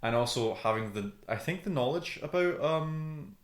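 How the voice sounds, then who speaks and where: A man's voice: a little high, expressive, normal speed. A man co-hosting a podcast, chatting casually about TV and thinking aloud with many ums. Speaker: podcast co-host. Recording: roomy echo.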